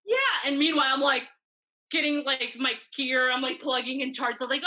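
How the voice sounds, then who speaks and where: Woman podcast guest, bright and forceful tone, chatty storyteller, acts out quoted dialogue. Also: sits high, steady tone, brisk, rough recording. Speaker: guest, tour photographer. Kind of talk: casual interview storytelling.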